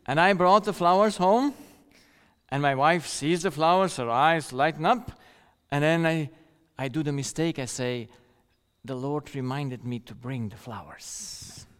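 Slow-speaking preacher in a big echoing hall. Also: male voice, on the high side, clean tone. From rural countryside. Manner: storytelling, acts out quoted voices, laughs often. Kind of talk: sermon. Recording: long hall reverb.

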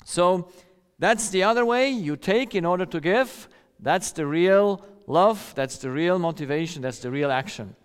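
A middle-aged male preacher tells a story from his own life at an unhurried pace. His voice sits fairly high for a man and sounds smooth and clear. The sound carries a long reverb, as in a large hall. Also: expressive. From rural countryside. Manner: storytelling, acts out quoted voices, laughs often. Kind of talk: sermon.

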